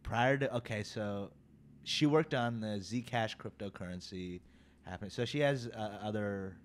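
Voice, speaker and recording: A man's voice: lowish voice, unhurried, a little hiss or hum. A man co-hosting a casual podcast, explaining insistently and repeating his point. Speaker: podcast co-host.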